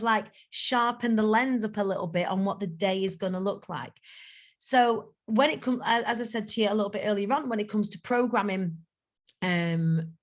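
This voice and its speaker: A woman running a group coaching call for event speakers, chatty, encouraging and quick to laugh at herself. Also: mid-range voice. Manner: chatty, self-deprecating, encouraging.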